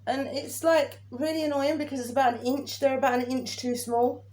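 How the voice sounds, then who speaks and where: A woman's voice: high-pitched, steady tone, a little fast, darkish tone. A woman, co-hosting a casual chat and ranting in an exasperated, chatty way. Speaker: podcast co-host. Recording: faint background noise.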